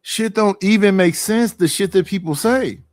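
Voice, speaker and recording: A middle-aged man rants to his stream from home. His talk is profane and animated, and he keeps asking rhetorical questions. His voice sits a little high and sounds dry and close. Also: moderate pace, dry recording. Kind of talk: casual ranting monologue.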